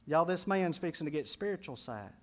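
Preacher guy, high voice, gets loud and intense on the big lines. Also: animated, brisk. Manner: builds to emphatic, rising intensity on key phrases. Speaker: pastor. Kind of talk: sermon.

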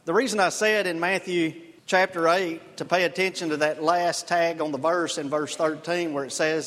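A man's voice: high voice, moderate pace, fairly bright tone. A man preaching a sermon as pastor, earnest and conversational, telling stories. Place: church. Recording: long reverb of a church hall.

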